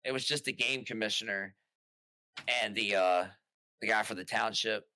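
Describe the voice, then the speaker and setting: A man telling stories as a podcast guest in casual chat, rambling and animated, restarting often. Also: lowish voice, normal speed.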